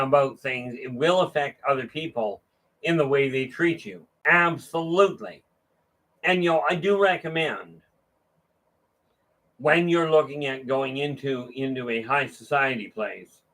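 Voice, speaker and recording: A man's voice: mid-range voice, fairly bright tone, rough recording. A man giving an informal motivational talk, rambling and restarting often, acting out the voices of people in his stories. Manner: rambling storytelling with frequent restarts; acts out dialogue with raised voice. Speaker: motivational speaker. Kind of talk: casual monologue.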